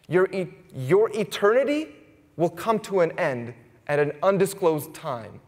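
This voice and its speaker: A man's voice: sits high, lively intonation, unhurried, in a large hall. A man in his thirties preaching a conversational sermon, often turning to the congregation with "right?". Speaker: pastor. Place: church sanctuary.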